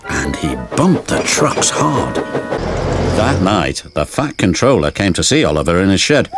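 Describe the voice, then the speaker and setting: A man's voice: low-pitched, sing-song, normal speed. A man narrating a children's storybook, with music behind. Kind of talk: storybook reading. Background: background music.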